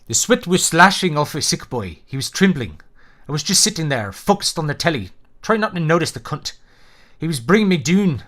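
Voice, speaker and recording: A man reading a novel aloud, voicing a rough young Scottish man in a put-on Scottish accent that he stumbles over. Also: on the high side, a bit bright, voice pushed up. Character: rough young Scottish man narrating his grim story.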